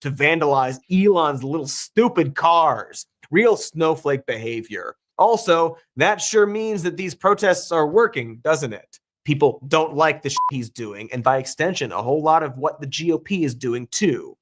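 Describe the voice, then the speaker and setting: A man's voice: a little high, expressive, moderate pace, few pauses. A man with a slightly raised voice reads scripted political commentary. His tone is sarcastic and dryly mocking throughout, as if in a clip played on another show. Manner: sarcastic, dry mockery.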